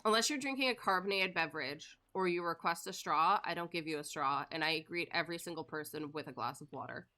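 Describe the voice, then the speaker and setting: Talking fast in a low, pushed, bright voice, this woman streams a game and chats casually. She rambles, filling the talk with fillers and laughs.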